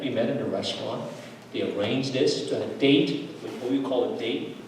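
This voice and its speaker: A man's voice: mid-range voice, normal speed, darkish tone, a little hiss or hum. A man, a pastor, giving a seminar talk told through stories, earnest and building to emphatic repeated lists. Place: church hall. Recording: echoey hall, voice from far off.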